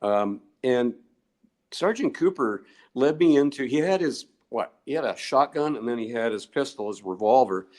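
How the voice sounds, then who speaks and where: A man's voice: mid-range voice, expressive, normal speed, a little mellow. An older man, a guest researcher, telling long digressive stories in a podcast interview and chuckling often.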